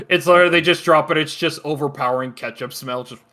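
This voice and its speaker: A man's voice: on the high side, fast talker, bright, forceful tone. A man co-hosting a casual group podcast, joking around with his friends. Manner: joking, laughs between lines. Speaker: podcast co-host.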